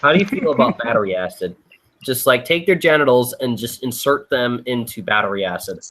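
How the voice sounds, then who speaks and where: A man's voice: medium pitch, fairly quick. A man on a podcast panel, telling stories casually with lots of swearing. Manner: lively, profane, laughing storyteller. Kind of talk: casual profane chat.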